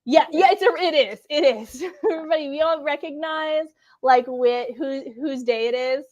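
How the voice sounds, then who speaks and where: A woman's voice: high-pitched, moderate pace, a little mellow. A woman hosting a casual live-streamed chat for her bookstore, bubbly and rambling. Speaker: bookstore host. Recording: slightly muffled lo-fi audio.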